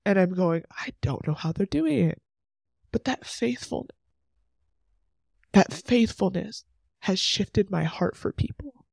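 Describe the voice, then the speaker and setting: A man's voice: high-pitched, lively intonation, slow pace, vocal fry, pauses often, a little mellow, no echo, clean studio sound. A man in his twenties hosting a faith podcast, talking earnestly and emotionally in a chatty way, full of "like" asides. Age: 20s. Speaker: podcast host.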